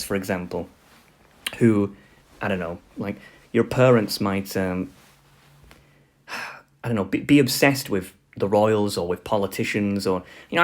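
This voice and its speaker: A man's voice: medium pitch, darkish tone. A man giving a casual spoken lecture, rambling with lots of fillers and asides.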